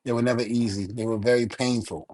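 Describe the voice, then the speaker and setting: A middle-aged man, a retired wrestler telling lively stories on a podcast and acting out the lines he quotes. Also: mid-range voice, brisk, no echo. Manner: animated storyteller, shouts out quoted lines. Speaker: retired pro wrestler, co-host. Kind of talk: casual podcast storytelling.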